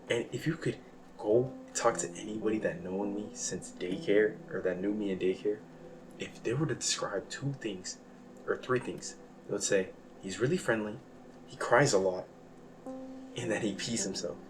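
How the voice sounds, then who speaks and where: Rambling young man, low voice, music behind. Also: steady tone, moderate pace, recorded from a distance. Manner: rambling, self-deprecating, bursts from quiet to loud. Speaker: vlogger. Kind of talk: casual personal monologue. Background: background music.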